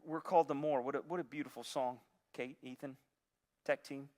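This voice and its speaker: A man preaching a sermon, telling a parable in an animated way with frequent restarts. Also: mid-range voice, brisk. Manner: animated storytelling with repeated restarts. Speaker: pastor. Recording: long hall reverb.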